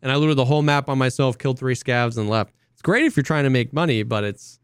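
A young man co-hosting a casual podcast, an excitable storyteller who acts out quotes in high voices. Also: fast talker, smooth, no echo, clean studio sound. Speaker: podcast co-host. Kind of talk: casual chat.

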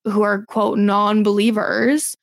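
A woman's voice: mid-range voice, level tone, takes it slowly, vocal fry, no room sound. A woman co-hosting a podcast in casual, opinionated chat, saying "like" often. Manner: conversational, opinionated, uses "like" often. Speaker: podcast co-host.

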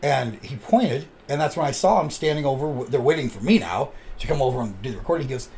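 A man hosting a podcast, chatting casually and telling stories with animated delivery. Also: mid-range voice, quick pace, few pauses, slight background noise. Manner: animated storyteller. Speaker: podcast host. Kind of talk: casual chat.

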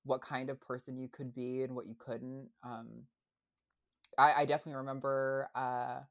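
Her bass voice barely moves in pitch and keeps a moderate pace. The young woman is a podcast guest in a casual interview, speaking hesitantly with many fillers and restarts.

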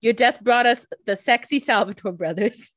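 A woman's voice: fairly high pitch, normal speed, no echo. A woman co-hosting a casual chat, adding sarcastic jokes and laughing often. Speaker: podcast co-host.

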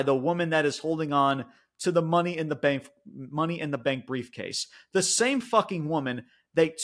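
A man's voice: mid-range voice, fairly bright tone. A man co-hosting a wrestling podcast, ranting in casual, profane chat, with lots of "like" and restarts. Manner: frequent fillers and restarts like "like".

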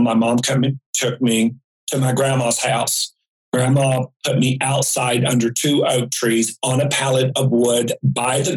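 A man, chatting as a guest and telling homespun anecdotes in a relaxed, vivid way. His voice sits at an ordinary middle pitch for a man. His delivery is plainspoken and easy. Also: low-quality recording. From rural North Carolina. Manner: folksy, vivid anecdotal storyteller. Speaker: guest psychic. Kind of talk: casual storytelling.

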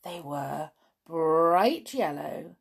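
Brief: woman storyteller reading to children, slow and gravelly. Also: sits low, expressive. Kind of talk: children's story read aloud.

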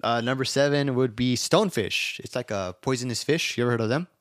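A young man talks at a brisk clip, swearing freely as he tells a story on a podcast. His voice sits at a middle pitch and is recorded close and dry, with no room sound. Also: a bit bright, no room sound. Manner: fast, profane, laid-back storytelling. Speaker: podcast co-host. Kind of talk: casual podcast banter.

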